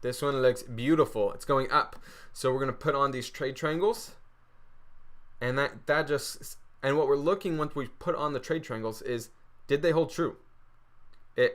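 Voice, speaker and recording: A man's voice: mid-range voice, fairly bright tone. A man with a Texas accent presenting a screen-share trading tutorial, upbeat and asking himself rhetorical questions he answers right away.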